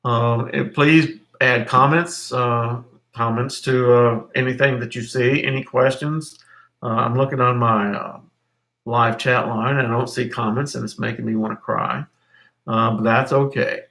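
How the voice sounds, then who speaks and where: A man's voice: mid-range voice, steady tone, measured pace, a bit bright. A middle-aged man teaching history over a live stream, rambling and correcting himself with many fillers.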